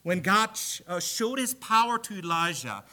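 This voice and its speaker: A man preaching a sermon, emphatic, growing loud on the repeated key phrases. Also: sits high, very animated, moderate pace.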